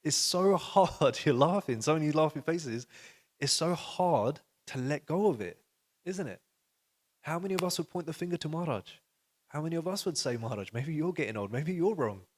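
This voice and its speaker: A man giving an animated storytelling talk to a live audience, acting out quoted dialogue and putting questions to the listeners. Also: a little high, normal speed. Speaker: speaker at a religious youth session.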